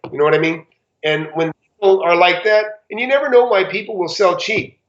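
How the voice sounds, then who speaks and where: A high-voiced man telling a story with animated, theatrical energy and acting out each person in it. He speaks as a seasoned property investor. The sound is echoey and a little dull. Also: a little fast. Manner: animated, acts out quoted dialogue with big pitch jumps. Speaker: real estate investor guest. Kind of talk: casual anecdotal storytelling.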